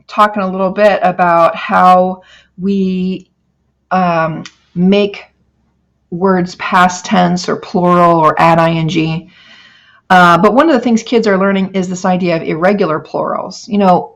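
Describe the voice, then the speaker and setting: A middle-aged woman teacher giving a recorded phonics lecture, slowly stretching out example words. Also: fairly low pitch.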